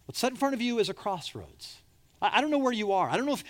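Impassioned preacher man, slightly high voice. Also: sing-song, fast talker. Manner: impassioned, swinging between loud urgent pleading and soft hushed delivery; repeats words and restarts when emphatic. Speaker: pastor. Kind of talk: sermon.

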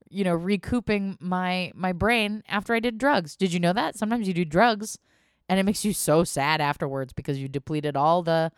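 Low-voiced woman podcast host, candid and chatty. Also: clear, resonant tone, no room sound, clean studio sound. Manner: candid, chatty, swearing, frequent ums and self-restarts. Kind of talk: casual podcast monologue.

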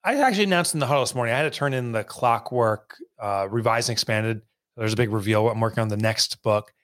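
A man hosting a casual podcast chat, telling lively stories and mimicking accents. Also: mid-range voice, fast talker, no room sound, clean studio sound. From Northeast United States. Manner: animated storyteller, mimics accents. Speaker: podcast host.

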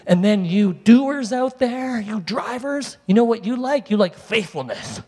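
Male preacher, chatty and animated with the congregation, slightly high pitch, recorded in a big echoing hall. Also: moderate pace, hardly any pauses. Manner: animated, conversational, talks directly to the congregation. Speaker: pastor. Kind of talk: sermon. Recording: long reverb of a large hall.

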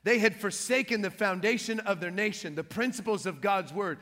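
A man preaching a sermon, telling a Bible story with lively, joking asides. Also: high-pitched, moderate pace, big-room sound. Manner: lively storytelling with playful trash-talk asides. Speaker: pastor.

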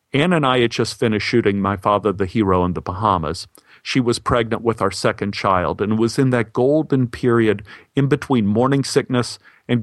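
A male actor telling a personal story as a monologue, in a wry, measured way with deadpan humor. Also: fairly low pitch, no room sound, studio quality.

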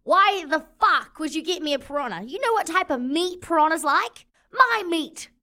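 A woman voicing a big, strong male sailor who is gruff but sensitive, melodramatic and swinging between indignant shouting and tearful mumbling. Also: sits high, expressive, fairly quick.

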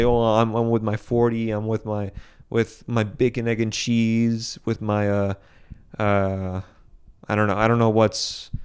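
A man's voice: fairly low pitch, clean tone. A young man from Boston hosting a solo commentary podcast, rambling with frequent restarts and self-corrections. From Boston, USA. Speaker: podcast host.

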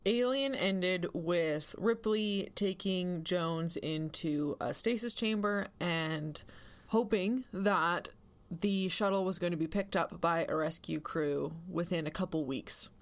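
A woman co-hosting a podcast, recapping a film's plot in a relaxed, conversational way. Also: on the low side, slow pace. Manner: relaxed, recapping plots in plain storytelling. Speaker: podcast co-host. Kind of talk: casual film recap.

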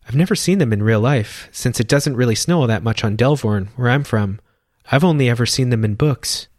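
A man's voice: mid-range voice, fairly quick, no echo, studio quality, close to an everyday voice. A man voicing a shy, kind young girl who speaks hesitantly. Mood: gentle. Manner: hesitant, gentle.

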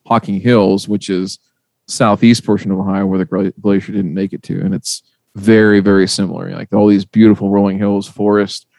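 Gravelly low-voiced Midwestern podcast host. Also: male voice, moderate pace, no room sound. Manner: profane, animated storyteller. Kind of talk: casual chat.

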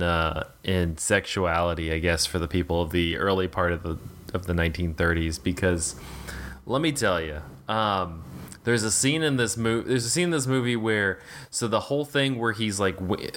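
A man's voice: sits low, normal speed, a bit bright, slight background noise. A man in casual film talk on a podcast, rambling with lots of fillers, restarts and swearing. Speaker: podcast co-host.

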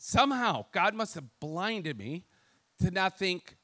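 Animated high-voiced man preaching. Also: unhurried. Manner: animated, self-deprecating humor, many "like" fillers. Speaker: speaker sharing testimony. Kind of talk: casual preaching testimony.

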